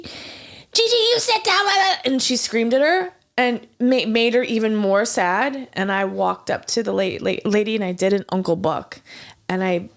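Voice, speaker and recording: Casting: woman co-host, casual chat, lively storyteller who trips over words. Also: mid-range voice. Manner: animated storyteller with stumbles and restarts. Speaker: podcast co-host.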